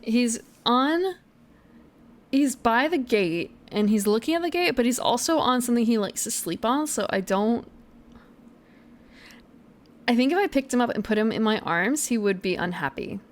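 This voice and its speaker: A woman's voice: on the high side, lively intonation, normal speed, pauses often. Chatty woman streaming a game. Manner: chatty, trailing off, small laughs. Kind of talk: casual live game commentary.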